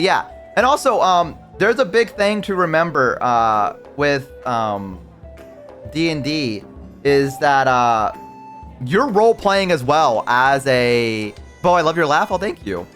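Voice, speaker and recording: A man's voice: fairly high pitch, a bit bright. A man streaming live, talking casually and rambling as he answers chat mid-sentence.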